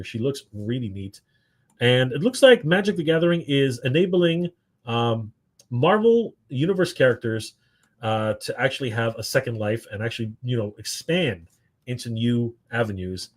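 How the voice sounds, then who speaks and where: A man hosting a live stream, rambling excitedly with lots of fillers and restarts. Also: medium pitch. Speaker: toy show host. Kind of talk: casual live-stream commentary.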